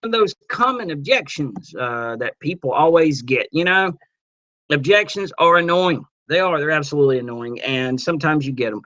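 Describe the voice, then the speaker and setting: A man teaching a webinar on network marketing, casual and energetic, acting out little sales dialogues as he goes. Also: a little high, normal speed, dull audio. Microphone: computer mic on a webinar.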